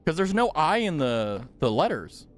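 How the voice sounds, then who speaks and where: A young man streams a game and chats casually and playfully with his viewers, talking straight to chat. His voice sits on the high side and is very animated, at normal speed.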